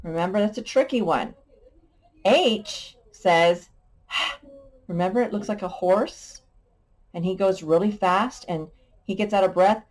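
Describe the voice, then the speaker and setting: A woman teacher leads a sight word lesson for young children, patient and playful, sounding out letters and adding little sound effects. Her voice is medium-pitched with a darkish tone, at normal speed.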